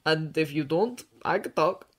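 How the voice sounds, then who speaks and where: Lady doing a chill friendly young guy, warm and easy, lowish voice, fanfic audiobook. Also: unhurried. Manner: warm and relaxed.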